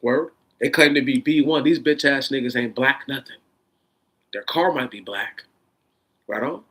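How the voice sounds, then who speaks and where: A man with a husky, rough-edged voice in a rambling, profanity-laced rant. He shifts between sudden loud pushes and a low, deliberately controlled delivery, with his pitch sitting in an ordinary middle range. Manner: says he is holding his voice down in a controlled tone. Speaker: vlogger. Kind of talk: unscripted rant.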